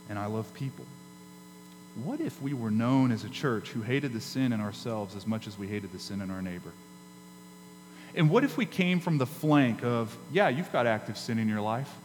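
A man preaching a sermon as pastor, emphatic, with dramatic pauses and rises in his delivery. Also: mid-range voice. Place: church sanctuary. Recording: hall reverb with faint mains hum.

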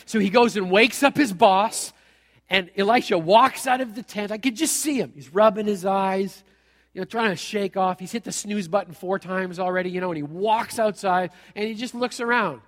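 Here a preacher with a high-sitting voice speaks at a moderate pace in a church hall. He tells a funny story as part of his sermon, playing each character with lively, joking energy.

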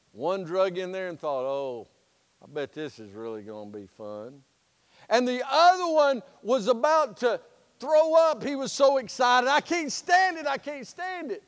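A man preaching a sermon as pastor, telling a folksy story in an animated storytelling manner. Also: very high voice, big-room sound. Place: church sanctuary.

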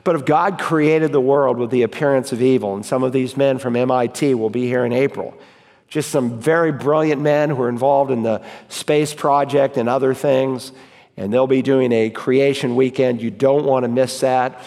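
A man, a pastor, preaching an emphatic sermon and reading scripture slowly and deliberately. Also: medium pitch, steady tone, a little mellow. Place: church sanctuary. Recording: long reverb of a church hall.

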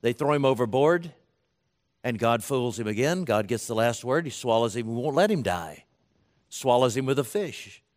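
A man's voice: medium pitch, animated, normal speed. A man preaching a sermon in a conversational way, often restarting phrases and acting out the words of biblical figures. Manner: conversational, voices scripture quotes, frequent restarts.

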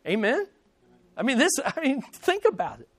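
A man preaches a sermon, his voice pitched notably high for a man. He swells with emphasis and gives the scripture quotes a dramatic reading, the way a pastor does from the pulpit. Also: wildly swooping pitch, normal speed.

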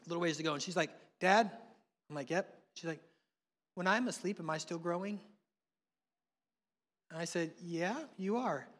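A man, preaching a sermon with passion, swinging between hushed and loud. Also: high voice, normal speed, long pauses. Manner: impassioned, swings from soft to loud. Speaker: pastor. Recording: long reverb of a large hall.

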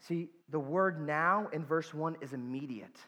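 High-voiced preacher in a reverberant hall. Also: male voice, measured pace, sharp tone. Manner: earnest preaching with emphatic repetitions and asides. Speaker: pastor. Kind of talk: sermon.

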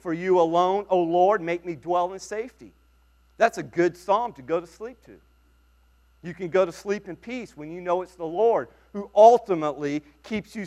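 A man preaching a sermon as pastor, earnest and emphatic, with dramatic pauses. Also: high voice.

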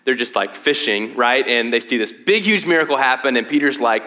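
A young man gives a sermon in a loose, conversational way, stumbling over restarts and fillers as he goes. His voice is bright and forward, at an ordinary middle pitch for a man. He drops to a hushed tone in prayer and becomes animated when he tells stories. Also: fairly quick, few pauses. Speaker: pastor.

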